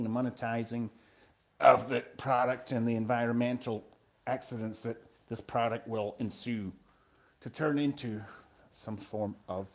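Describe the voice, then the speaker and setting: A man rambling through a live stream monologue in a sweary, self-mocking way, talking close into a phone. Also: medium pitch. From Scotland. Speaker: vlogger. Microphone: phone held close to the mouth.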